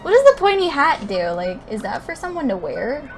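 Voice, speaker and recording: A young woman giving excitable, swearing commentary while playing a game. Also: high-pitched, normal speed, faint music behind. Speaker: gaming streamer. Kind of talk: casual gameplay commentary.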